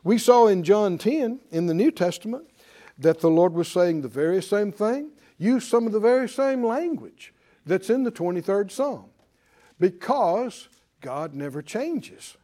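A man preaching a sermon, repeating declarations emphatically and calling on listeners to say them back, sometimes dropping to a quieter conversational telling. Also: high-pitched, animated, unhurried. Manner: calls for responses from listeners.

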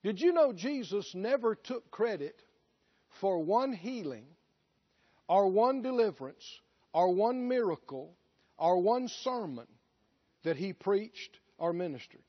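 Emphatic high-voiced male preacher. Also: big pitch swings, slow pace, husky. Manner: rhetorical questions, emphatic. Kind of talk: sermon. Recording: dull lo-fi recording.

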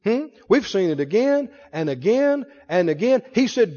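With a very high, sing-song, warm voice, a pastor delivers a sermon, asking his congregation rapid questions one after another. The lo-fi, dull recording carries a long reverb tail from a large hall.

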